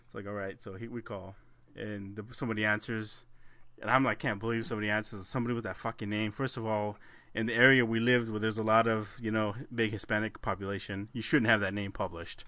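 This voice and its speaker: A man's voice: on the low side, little pitch movement, a little fast, pushed and bright, no echo. A man co-hosting a podcast, telling a profane story in casual chat and breaking into laughter often. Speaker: podcast co-host.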